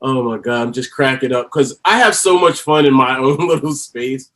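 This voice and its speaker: A man telling stories as a podcast guest, animated and laughing often. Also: mid-range voice, moderate pace. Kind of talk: casual interview chat.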